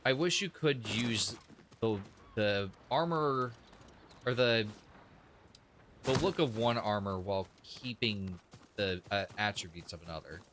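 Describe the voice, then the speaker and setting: A man's voice: lowish voice, a little slow, noisy background. A young man casually commenting on his own gameplay as a streamer, thinking aloud and judging what he sees. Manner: chatty, opinionated, thinks aloud with restarts. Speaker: game streamer.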